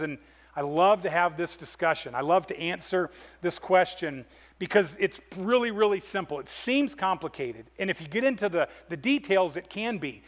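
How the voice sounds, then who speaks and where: A man's voice: high-pitched, animated, moderate pace, fairly bright tone. A male pastor preaching a sermon with energy and emphasis, repeating words and restarting phrases as he drives his points home.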